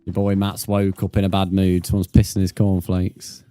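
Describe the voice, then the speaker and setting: A man's voice: low-pitched, completely flat delivery, moderate pace, mellow, soft background music. A man casually commenting on his gameplay and chatting with viewers, teasing them and swearing freely. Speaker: streamer.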